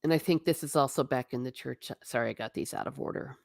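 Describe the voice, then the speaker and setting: Showing travel photos on a live stream, a woman who is not Irish chats casually with viewers, frequently laughing and tripping over repeated words. Her bass voice moves at a quick pace with vocal fry and a slightly mellow quality, and there's no room sound.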